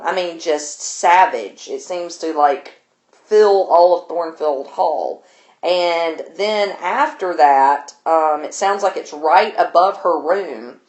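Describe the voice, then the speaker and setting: A woman's voice: on the low side, echoey room. A woman teacher, casually retelling a novel for her class in a loose, chatty way. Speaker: literature teacher.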